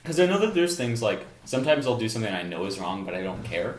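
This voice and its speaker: A young man co-hosting a casual podcast, chatty and musing, quick to laugh. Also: fairly low pitch, roomy sound. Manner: animated, laughs easily, musing. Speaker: podcast co-host. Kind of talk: casual chat.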